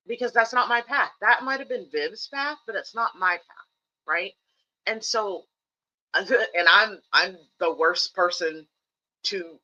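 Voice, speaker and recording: A woman with a piercingly bright, sharp voice talks straight to her stream audience, candid and emphatic. She hammers her points home by repeating them. The audio is a little dull and lo-fi. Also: lowish voice. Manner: emphatic, candid, repeats key phrases for stress. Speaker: streamer host. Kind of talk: casual livestream talk, earnest advice.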